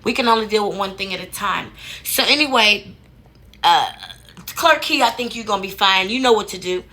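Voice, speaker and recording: A woman's voice: medium pitch, moderate pace, sharp tone. A woman hosting a casual commentary, talking in a sassy, colloquial way with laughing asides. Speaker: commentary host.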